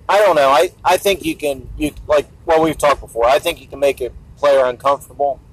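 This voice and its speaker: A man's voice: mid-range voice, poor audio. Chatty man calling in from a van. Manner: chatty and friendly. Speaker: podcaster leaving a voice message. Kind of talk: casual voice message. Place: inside a van.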